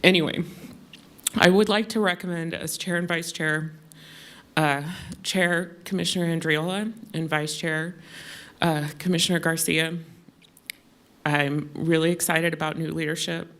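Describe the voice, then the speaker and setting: A woman's voice: low voice, fairly even intonation, measured pace, a bit bright. A woman chairing a county board meeting at the dais, tearful and emotional, her voice breaking as she apologizes.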